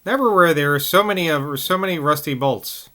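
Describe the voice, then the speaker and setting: A man's voice: fairly high pitch, moderate pace, pushed and bright. A man reading a novel aloud, carefully, with occasional slips and restarts. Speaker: audiobook reader.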